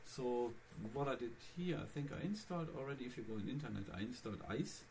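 This man's voice is medium-pitched, expressive, and fast, with a darkish tone and slight background noise. He's a Linux vlogger in a casual screencast, rambling about his computer setup and chatting directly to viewers.

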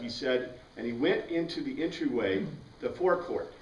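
A man's voice: mid-range voice, lively intonation, normal speed, highs cut off. A man teaching an informal Bible study class, rambling through the passage with asides and restarts. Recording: roomy sound, mic at a distance.

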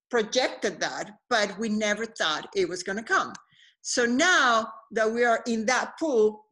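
A middle-aged woman presenting a business webinar, telling stories in an animated way with frequent fillers and restarts. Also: medium pitch.

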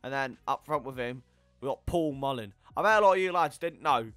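An eighteen-year-old man giving casual gameplay commentary, chatty and swearing, yelling at the game. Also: medium pitch, animated, brisk, faint music behind. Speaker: gaming YouTuber.

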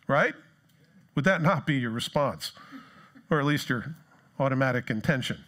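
A man preaching a sermon in a church, animated, acting out the voices of people in the story. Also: on the high side, normal speed. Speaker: pastor.

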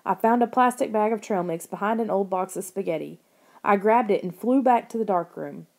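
Woman reading a storybook aloud, warm mellow voice, expressive. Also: mid-range voice, fairly quick, creaky. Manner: expressive reading, raises her voice for characters' lines. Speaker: audiobook narrator. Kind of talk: scripted audiobook narration.

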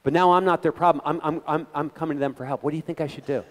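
A middle-aged man giving an animated, conversational talk to a gathering, telling stories with quoted voices and frequent restarts. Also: a little high, very fast, long reverb tail. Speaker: guest speaker. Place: meeting hall.

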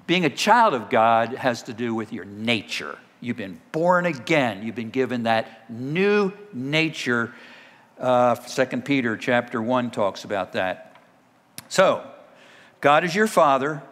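Slow-speaking preacher in an echoing hall. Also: male voice, medium pitch, animated. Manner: dramatic shouted cries when acting out scripture. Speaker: pastor. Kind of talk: sermon. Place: church sanctuary. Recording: long reverb of a church hall.

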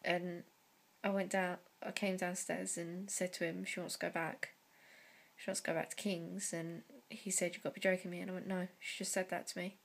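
A young woman talking to camera in a personal vlog, close to tears, halting and full of fillers and sighs. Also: fairly low pitch, little pitch movement, vocal fry. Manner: slow, hesitant delivery. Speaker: vlogger.

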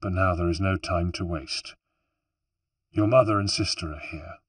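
A man's voice: sits low, normal speed, breathy edge, dry recording, far from the mic. Man voicing a resolute young hero. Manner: firm, urgent instructions.

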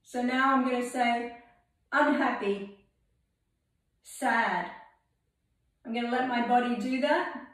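A woman teaching English through movement, giving calm step-by-step instructions in a library room. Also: a little high, slow pace, pauses often, recorded from a distance. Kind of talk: guided movement lesson. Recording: very echoey room.

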